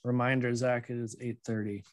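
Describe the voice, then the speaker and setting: A man's voice: mid-range voice, flat delivery, brisk, no room sound. A man playing a tabletop game, bantering and teasing the others. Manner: playful, teasing. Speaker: player.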